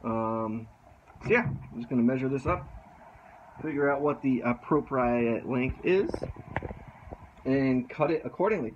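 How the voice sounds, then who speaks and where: A man's voice: medium pitch, measured pace, pauses often, muffled recording, a little hiss or hum. A man casually narrating his own boat repair, joking and talking to himself while he works outdoors under a sailboat, recorded on a handheld phone. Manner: joking, wisecracking, talks to himself while working. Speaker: sailboat vlogger.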